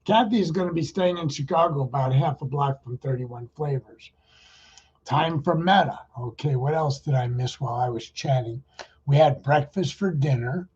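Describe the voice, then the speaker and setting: A middle-aged man with a husky, dark voice talks in a loose, rambling way, full of fillers and restarts. He leads a loving-kindness meditation for a group. The sound is dull and lo-fi, like audio from an online call. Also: medium pitch, moderate pace. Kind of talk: casual chat and guided loving-kindness meditation.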